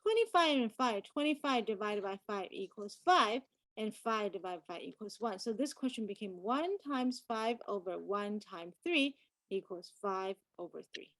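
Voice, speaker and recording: A woman's voice: medium pitch, animated, normal speed, a bit bright, no room sound. A woman tutoring math in an online class, explaining steps and teasing students, mixing English with Mandarin. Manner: switches between English and Mandarin, scolds playfully.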